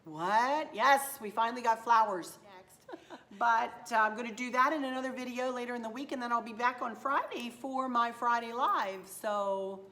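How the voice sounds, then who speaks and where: A hoarse woman chatting casually to her viewers as a home decor vlogger, gushing and affectionate, rambling from one thought to the next. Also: fairly high pitch, normal speed, sharp tone.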